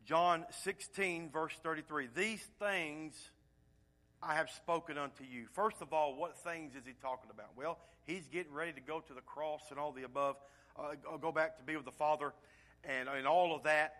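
A man preaching a sermon, moving between loud emphatic points and quiet, hushed asides. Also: a little high, moderate pace. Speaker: pastor.

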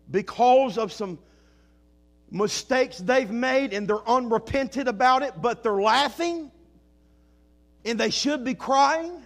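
A man preaching a sermon and reading scripture aloud, moving between loud emphatic lines and low quiet ones. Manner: reads scripture in old-fashioned wording.

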